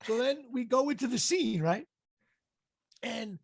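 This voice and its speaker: A man's voice: high voice, fairly quick, creaky, husky, dry recording. A man, an actor and comedian, telling stories in a casual interview and acting out the people he quotes. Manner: animated storyteller acting out quotes.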